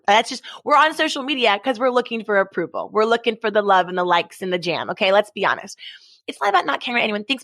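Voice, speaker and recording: A woman guest, an author and speaker, talking in an animated, preachy way in a podcast interview. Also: fairly low pitch, creaky, no room sound. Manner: energetic, preachy, acts out quoted voices.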